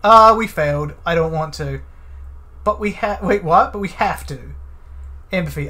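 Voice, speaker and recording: Animated man reading a game aloud. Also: fairly high pitch, moderate pace, faint music behind. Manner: animated, reads dialogue choices aloud. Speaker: let's play streamer. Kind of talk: casual let's play, reading game text aloud.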